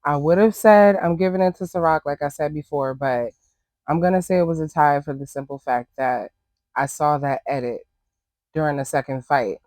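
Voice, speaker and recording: Sassy reality tv recap voice, blunt, rambly, mid pitch, dry sound. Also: normal speed, darkish tone, no room sound. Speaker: reality show recap host. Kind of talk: casual reaction commentary.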